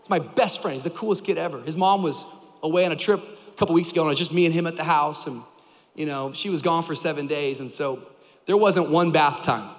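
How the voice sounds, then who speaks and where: A man in his thirties preaching a sermon to a church crowd, telling a story with lively energy and shouting for emphasis. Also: a little high, a little fast, in a large hall. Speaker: pastor.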